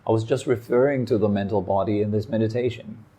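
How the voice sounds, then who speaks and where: Calm, mellow-voiced male meditation teacher. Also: fairly low pitch. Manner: calm, reflective, speaks in short phrases with pauses. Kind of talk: dharma talk. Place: meditation hall.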